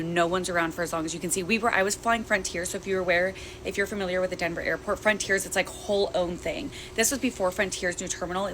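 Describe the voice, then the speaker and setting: A young woman telling a frightening personal story in a tense, fast retelling that acts out the quotes. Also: fairly low pitch, a bit bright, a little hiss or hum. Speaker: guest. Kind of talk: casual storytelling.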